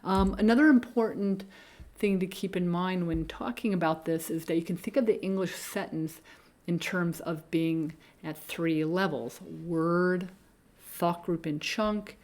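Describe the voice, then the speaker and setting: A woman coach talks through a pronunciation lesson at an unhurried, deliberate pace. Her voice sits fairly low for a woman, and she often pauses to check in with a quick "okay?". She sounds middle-aged. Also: a little mellow. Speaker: speech coach. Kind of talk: instructional video lesson.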